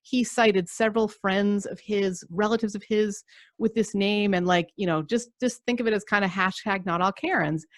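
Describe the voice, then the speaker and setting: A woman's voice: medium pitch, fairly even intonation, moderate pace, dry recording. Woman podcast host, chatty rambling storyteller, laughs a lot, dry close sound. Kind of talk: casual conversation.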